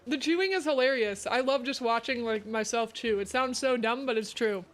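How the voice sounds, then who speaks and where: A woman's voice: on the high side, normal speed. A young woman streamer chatting casually, filling her talk with "like.". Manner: chatty, says "like" a lot. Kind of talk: casual chat.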